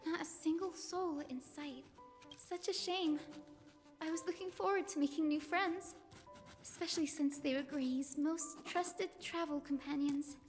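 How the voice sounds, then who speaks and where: A woman's voice: sits high, steady tone, unhurried. An actress voicing a cheerful young woman companion in a game, speaking in a playful, teasing way. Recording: reverberant game audio with music.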